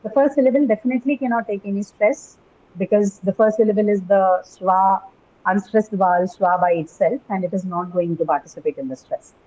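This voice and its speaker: A woman lecturing on pronunciation in a calm, explanatory way, her voice mellow and even. She keeps checking that the class follows her with "right?". The recording sounds dull and lo-fi. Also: medium pitch, brisk. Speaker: English teacher. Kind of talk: classroom lecture on word stress.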